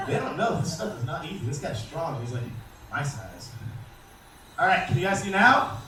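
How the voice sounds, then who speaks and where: A man presenting a live alligator show, joking with and quizzing the crowd and calling out loudly to them. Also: fairly high pitch, sing-song, moderate pace. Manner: calls out loudly to the audience. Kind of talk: live comedic animal demonstration. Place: outdoor show arena. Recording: echoey, distant outdoor recording with faint noise.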